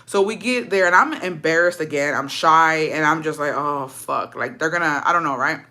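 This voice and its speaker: Bright-voiced woman telling a profane story. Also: deep voice, a little fast. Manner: profane, animated, acts out quoted dialogue; slips into Spanish phrases. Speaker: storytime vlogger. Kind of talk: casual storytelling.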